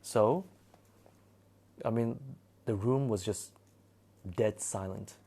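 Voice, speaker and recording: A man telling a spooky personal story in a casual, animated and dramatic way. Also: lowish voice, slow pace, breathy edge.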